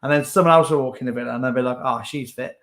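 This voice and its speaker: Young man, casual chat, lots of fillers, co-host, mid pitch. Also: fairly even intonation, very fast, a bit bright.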